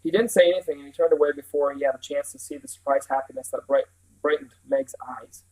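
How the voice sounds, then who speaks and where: A man reads a novel aloud, steady and plain, now and then stumbling and restarting a word. His voice sits a little high for a man. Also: fast, poor audio. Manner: plain, steady reading with small slips and restarts. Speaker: storyteller reading a novel aloud.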